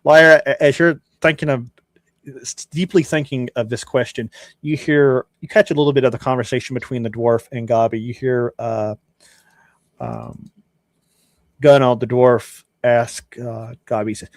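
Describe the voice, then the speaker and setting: A man's voice: mid-range voice, moderate pace, no room sound. A man running a tabletop game as game master, narrating and joking with the players. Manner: animated, jokey.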